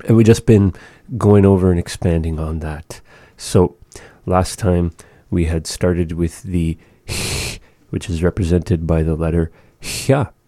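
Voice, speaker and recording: A man hosting a radio language lesson, pronouncing phrases slowly and carefully. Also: sits low, dark tone, no room sound, studio quality. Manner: slow, careful pronunciation of phrases. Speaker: radio host teaching a language.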